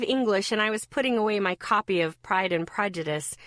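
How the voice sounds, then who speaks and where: A woman narrating a first-person audiobook in a lively, upbeat and playful way. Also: mid-range voice, brisk, no room sound, studio quality.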